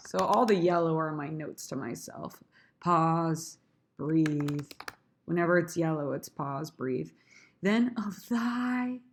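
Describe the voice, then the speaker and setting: Woman drama teacher walking students through her rehearsal prep; lowish voice, slow and easygoing. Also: slight background noise. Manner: talks through her own sonnet rehearsal, trying lines aloud; chatty, addresses students directly. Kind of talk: screen-recorded lesson.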